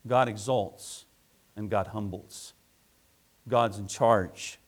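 A man preaching a sermon as pastor, building to loud emphatic peaks and asking rhetorical questions. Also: lowish voice, steady tone, takes it slowly.

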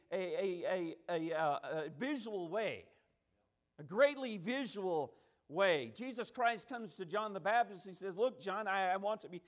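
A man preaching a sermon, emphatic, stacking repeated phrases and acting out the quotes he tells. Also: high-pitched.

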